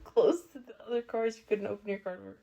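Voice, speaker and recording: A woman's voice: fairly high pitch, quick pace, warm tone. A woman co-hosting a podcast in casual chat, teasing and laughing often. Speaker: podcast co-host.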